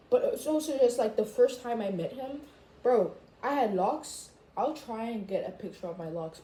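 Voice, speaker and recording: A woman in a casual rant to camera as a vlogger, chatty and full of "like", jumping high in pitch when she quotes herself. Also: mellow. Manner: chatty, full of "like" and "I was just like". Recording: echoey room, faint background noise.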